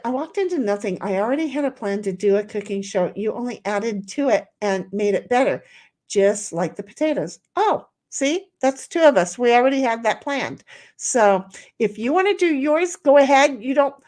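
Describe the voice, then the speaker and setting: A woman's voice: a little high, darkish tone. A woman hosting a livestream, reading chat aloud in a rambling, chatty way with many fillers.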